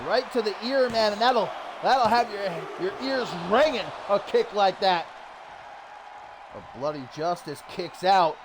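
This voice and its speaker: A man calling a wrestling match play by play, getting excited and shouting at the big moments. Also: high-pitched, a little slow. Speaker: wrestling commentator. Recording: loud crowd and noise behind. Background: cheering crowd.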